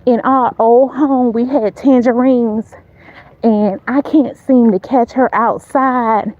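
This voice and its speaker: A woman's voice: a little high, fairly even intonation, slow pace, narrow, tinny audio. A woman hosting a casual live chat while walking outdoors, speaking straight to her viewers, repeating herself and urging them on. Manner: walking as she talks, upbeat and encouraging. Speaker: host. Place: outdoors on a neighborhood street. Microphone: phone held while walking.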